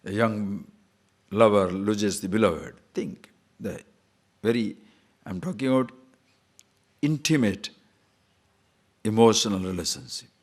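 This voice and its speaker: A man, a spiritual teacher giving a conversational scripture lecture, posing rhetorical questions and chanting verses slowly. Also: on the low side.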